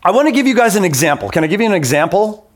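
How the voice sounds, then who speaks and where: A man's voice: high voice, big pitch swings, racing. A man in his forties preaching a sermon in a casual, conversational way, acting out the voices he quotes. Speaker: pastor.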